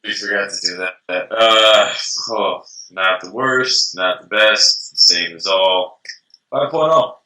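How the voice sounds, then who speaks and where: A low-pitched man speaks slowly, well back from the mic in an echoey room. He co-hosts a comedic beer tasting web series, trading jokes and animated banter in casual conversation.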